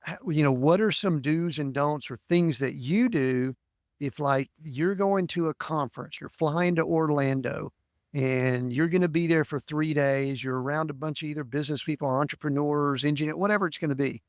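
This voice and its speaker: A man hosting a podcast interview, asking rambling questions in a relaxed conversational way. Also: a little high, normal speed, no echo, clean studio sound. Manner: conversational, leads questions with fillers. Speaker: podcast host.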